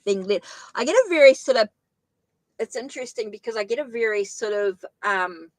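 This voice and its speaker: A woman's voice: on the high side, moderate pace, dry recording, poor audio. A middle-aged woman with a New Zealand accent, chatting her way through a live-streamed tarot reading, thinking aloud with frequent restarts. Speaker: tarot reader.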